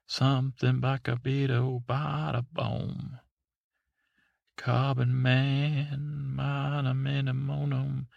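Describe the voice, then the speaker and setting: Give me a man playing an inquisitive alien visitor with a flat gravelly voice. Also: medium pitch, moderate pace, no echo, highs cut off. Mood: curious. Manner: inquisitive, probing questions. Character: curious male alien visitor, chatty. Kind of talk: sleepy bedtime story role-play.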